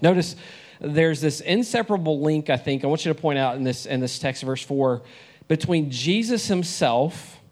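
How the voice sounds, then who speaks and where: A young man preaching a sermon in a conversational way, often asking the listeners questions. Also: mid-range voice.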